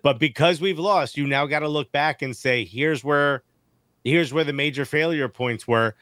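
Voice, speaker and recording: A man co-hosting a casual sports podcast, animated and joking, using slang, on a studio mic. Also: on the high side, normal speed, no echo. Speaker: podcast co-host.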